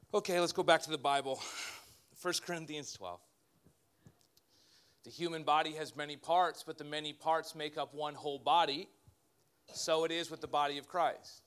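High, bright-voiced pastor preaching. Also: male voice, moderate pace, pauses often, smooth. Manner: animated, joking asides to the congregation. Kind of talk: sermon.

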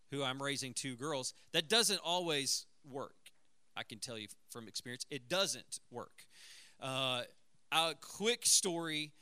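Bright-voiced man giving a parenting talk. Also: on the high side, smooth, dry recording. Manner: conversational, self-deprecating storytelling with audience asides. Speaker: high school pastor.

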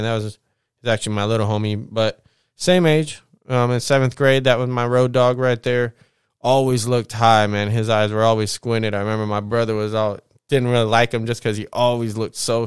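A man's voice: medium pitch, clean tone, no echo, clean studio sound. Rambling, cursing American man. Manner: rambling, profane, slangy street talk. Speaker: vlogger. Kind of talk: casual monologue.

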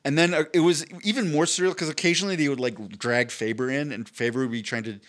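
Animated rambling man, slightly high voice. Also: fast talker. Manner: rambling, animated, swearing, acts out quoted people. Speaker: podcast co-host. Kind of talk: casual storytelling chat.

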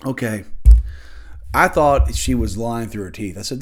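A man's voice: mid-range voice, fairly quick. Guy hosting a solo wrestling-style podcast, loose chatty talk, swears a lot, blunt rants. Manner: blunt, profane ranting; loose and conversational with fillers. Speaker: podcast host. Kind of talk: casual solo podcast chat.

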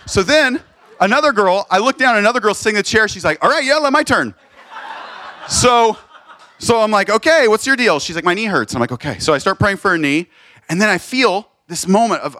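A man with a slightly high voice recounts a story from his classroom, animated and quick to act out the people in it. The sound is close and dry, with no room around it. He often stumbles and restarts his sentences. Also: no echo. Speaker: teacher. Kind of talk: casual storytelling testimony. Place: Lebanon.

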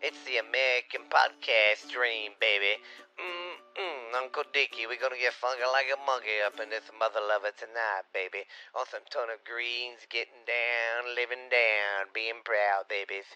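A man's voice: medium pitch, steady tone, normal speed, sharp tone, faint music behind, low-quality recording. A man playing a brash, proud, middle-aged Louisiana uncle who talks in boastful slang and rhyming catchphrases, with a slightly sore voice, as a comic podcast monologue. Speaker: comedy podcast character.

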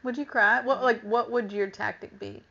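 A woman's voice: fairly high pitch, steady tone, moderate pace, gravelly, bright, forceful tone. A woman co-hosting a podcast, reacting to a story with eager questions and laughs. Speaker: podcast co-host. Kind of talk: casual chat. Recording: dull lo-fi sound.

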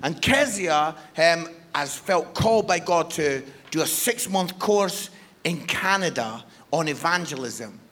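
A man's voice: on the high side, measured pace. A Scottish man in his forties, a guest preacher telling a funny personal story in a sermon and acting out the dialogue. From Scotland. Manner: animated, humorous, acts out dialogue.

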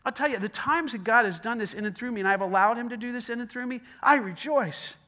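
A man's voice: very high-pitched, quick pace, sharp tone. A man preaching a sermon in an emphatic, conversational way, often repeating himself. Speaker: pastor.

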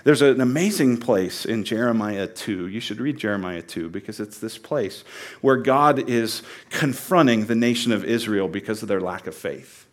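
A man preaching a sermon in an earnest, conversational way, dropping to a hush and then rising to loud, emphatic peaks. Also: on the low side, moderate pace. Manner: swings from hushed, quiet delivery to loud, near-shouted emphasis. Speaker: pastor.

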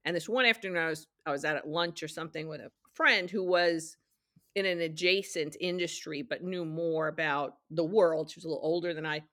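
A woman's voice: low voice, fairly quick, a bit bright, no room sound. A middle-aged woman, a studio executive being interviewed, telling chatty career stories and acting out the dialogue in them. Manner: chatty, acts out quoted dialogue in her anecdotes. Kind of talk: casual storytelling interview.

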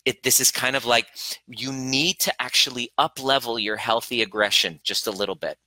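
Blunt, bright-voiced male coach. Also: mid-range voice, normal speed, no room sound, low-quality recording. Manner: blunt, swears freely, acts out inner voices. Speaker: relationship coach. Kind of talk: live online workshop teaching.

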